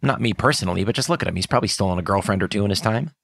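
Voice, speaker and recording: Blustery, bright-voiced comic host. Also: male voice, lowish voice, racing, vocal fry, dry recording, clean studio sound. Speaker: sketch comedy host. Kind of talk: sketch comedy acting.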